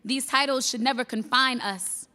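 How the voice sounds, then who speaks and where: A woman's voice: high-pitched, moderate pace, bright, forceful tone, in a large hall. A woman performing spoken word poetry on stage, rhythmic and declamatory. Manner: declamatory, rhythmic, building intensity. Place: large hall stage before an audience.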